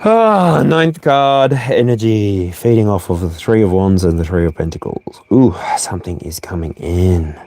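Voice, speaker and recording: During his livestream tarot session, this tarot reader speaks in a fairly low, mellow, animated voice. He keeps things playful, singing and laughing in between his slow readings.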